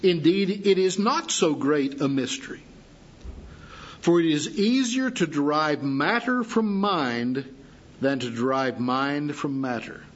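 Husky-voiced man preaching a measured sermon. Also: a little high. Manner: measured, deliberate teaching with pauses for emphasis. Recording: dull lo-fi sound.

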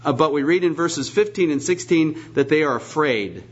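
A male preacher delivers a sermon with emphatic, repeating phrases and rhetorical questions. His voice sits a little high. The recording is muffled and lo-fi. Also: moderate pace.

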